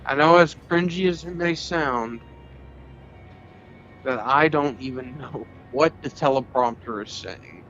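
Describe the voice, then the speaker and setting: A man's voice: medium pitch, unhurried, fairly bright tone. A man making a casual gaming video, rambling along and mocking his own jokes. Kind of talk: casual joking vlog talk. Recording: slightly dull lo-fi audio with faint music. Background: faint background music.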